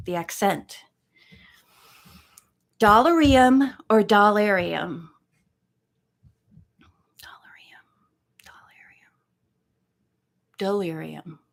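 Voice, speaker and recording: A woman's voice: medium pitch, vocal fry, fairly bright tone. A woman hosting a casual live stream, chatting in a rambling way and counting pages aloud. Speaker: live-stream host reading a book.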